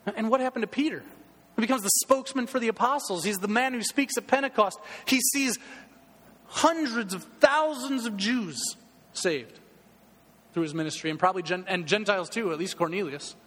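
A man's voice: high voice, normal speed, fairly bright tone, in a large hall. A man preaching a sermon as pastor in a church, urging his listeners earnestly and repeating his calls to action.

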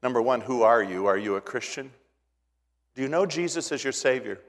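Male pastor, mid-pitched voice, sermon in a church sanctuary, long hall reverb, drops to a hush then builds to loud emphasis. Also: lively intonation, fairly quick. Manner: swings from hushed to loud emphatic, repeats words.

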